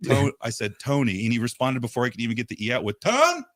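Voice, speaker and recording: A man telling a long rambling story in casual podcast chat, swearing freely and dropping into quick impressions of the people he talks about. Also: medium pitch, steady tone, dry recording, studio quality. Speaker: podcast host.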